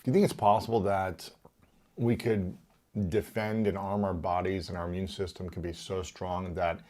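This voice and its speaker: A man with a slightly low voice hosts a conversation, jumping in with quick questions. He reacts to his guest with eager amazement. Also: little pitch movement, darkish tone. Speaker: podcast host. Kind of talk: podcast interview.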